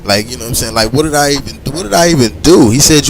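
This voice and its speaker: A man's voice: medium pitch, fast talker, gravelly, crowd noise. A middle-aged man talks casually over a driving game. He rambles, circles back often and leans on filler phrases. His voice sits in an ordinary middle range. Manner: animated, rambling, frequent "you know what I'm saying". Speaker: gaming streamer telling a story. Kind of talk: casual storytelling over gameplay.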